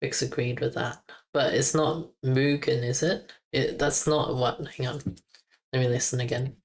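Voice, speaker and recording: A streamer works on German pronunciation live, repeating words slowly over and over between chuckles and the odd mild curse. Their voice is mid-range with fairly even intonation.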